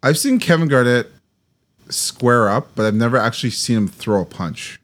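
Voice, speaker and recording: A man's voice: mid-range voice, expressive, moderate pace. Profane storytelling man in sports chat. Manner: storytelling, profane, laughs along.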